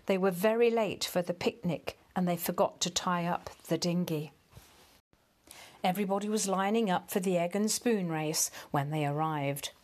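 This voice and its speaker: A woman reading a children's storybook aloud in a gentle, measured and expressive way. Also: fairly low pitch.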